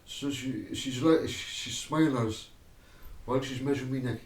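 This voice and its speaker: A man's voice: mid-range voice, steady tone, normal speed. A man telling a rambling personal anecdote to camera, often breaking into chuckles. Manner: chuckling, digressive, keeps breaking into laughter. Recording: roomy echo, mic at a distance.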